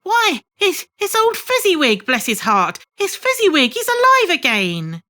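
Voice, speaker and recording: Elderly miser, audiobook; woman reads him, voice jumps high and loud when stirred. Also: slow. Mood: excited. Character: old miserly man, wistful then excited.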